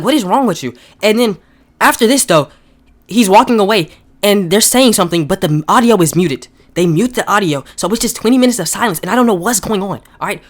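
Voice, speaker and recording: A comedic movie reviewer who rants in exasperation and keeps repeating outraged questions about a bad film. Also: mid-range voice.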